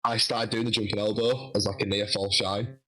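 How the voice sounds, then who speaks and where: A man telling a lively story in a casual interview, acting out what people said. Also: lowish voice, a little fast, poor audio. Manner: animated, acts out quoted dialogue. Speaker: guest wrestler.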